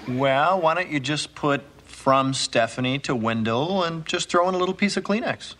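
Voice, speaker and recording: A man's voice: fairly high pitch, moderate pace, close to an everyday voice. An actor in a sitcom clip playing a playful, teasing grown man. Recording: loud noise on a TV audio clip.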